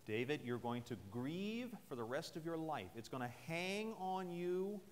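A man's voice: fairly high pitch, big pitch swings, measured pace, slight background noise. A man voicing a wise woman who pleads urgently with a king, as part of a sermon. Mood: pleading. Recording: long chapel reverb.

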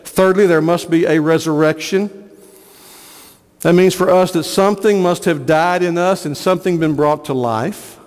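A man's voice: fairly high pitch, moderate pace, big-room sound. A man preaching a sermon as pastor, earnest, repeating phrases for emphasis. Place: church sanctuary.

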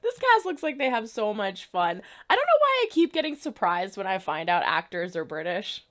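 A woman's voice: medium pitch, huge pitch swings, normal speed, a bit bright. A woman hosting a reaction video, talking with bubbly, gushing enthusiasm. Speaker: reaction channel host. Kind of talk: excited reaction vlog.

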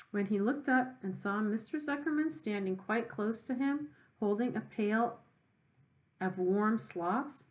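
A woman teacher reading a children's book aloud, pausing to explain words to young listeners. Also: mid-range voice, rough recording. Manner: expressive, with brief explanations for children.

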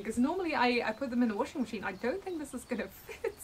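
A young woman vlogging a casual unboxing of a plush, excited and amazed, rambling with fillers and restarts, recorded on a camera mic on a tripod at home. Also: fairly high pitch, a little fast, a little hiss or hum.

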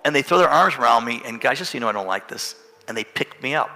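A male pastor preaching a storytelling sermon, his voice gravelly with a bright, forceful edge. It swings from hushed asides to loud bursts. Long reverb from a church hall carries every line. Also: mid-range voice, expressive, fast. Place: church sanctuary.

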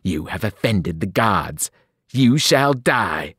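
A man doing a slow, menacing demon woman. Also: sits high, sing-song, gravelly, fairly bright tone, breathy edge, no echo, studio quality, pitched above the performer's own voice, full character voice. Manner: slow, drawn-out threats. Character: menacing female Fury, demon former math teacher.

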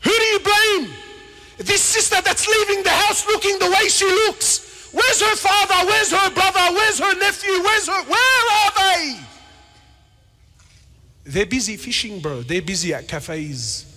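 A man giving a passionate religious lecture, swinging between shouted appeals and low asides, acting out dialogue as he tells stories. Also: animated, a little slow. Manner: acts out dialogue in storytelling. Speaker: Islamic preacher. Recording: reverberant hall.

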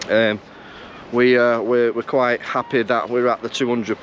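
A man's voice: medium pitch, level tone, measured pace, lo-fi sound. A man co-hosting a travel vlog, chatting in an easygoing, joking way and muttering as he reads signs outdoors. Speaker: travel vlogger. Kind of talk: casual chat. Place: outdoors by a beach. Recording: noisy outdoor recording.

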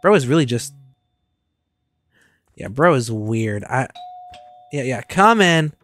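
A man streaming a story game, reacting loudly and profanely as he reads its dialogue aloud. His mid-pitched voice swings widely from high to low. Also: slow. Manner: profane, exclaiming, expressive.

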